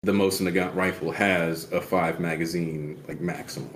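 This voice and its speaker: A man's voice: low voice, steady tone, normal speed. A man co-hosting a casual podcast, explaining manga details at length with many fillers. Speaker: podcast co-host. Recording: echoey room with faint noise.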